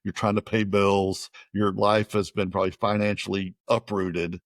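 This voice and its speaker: A man's voice: lowish voice, little pitch movement, moderate pace, no room sound. An American man hosting a podcast, chatting casually and rambling, often repeating words as he starts a sentence. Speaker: podcast host.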